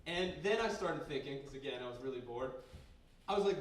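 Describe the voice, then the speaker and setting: A man's voice: mid-range voice, animated, fairly quick. Brash young man doing crude stand-up. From Canada. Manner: brash, crude, rambling storytelling with sudden loud outbursts. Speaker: stand-up comedian. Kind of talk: stand-up comedy set. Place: basement bar comedy night. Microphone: handheld stage mic recorded by a camera in the room. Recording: very echoey basement room, heard from a distance.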